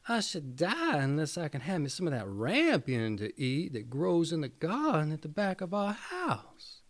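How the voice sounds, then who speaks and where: A man's voice: a little high, wildly swooping pitch, normal speed. A man voicing a young wife who pines dramatically for what she craves. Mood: desperate. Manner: plaintive, dramatic. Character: pining, desperate young wife.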